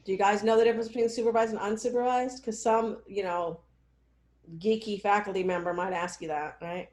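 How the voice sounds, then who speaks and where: A woman's voice: mid-range voice, fairly even intonation, a little fast, darkish tone, roomy sound. A woman mentoring students in a casual meeting on a video call, rambling with many fillers and often checking that they follow. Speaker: research mentor.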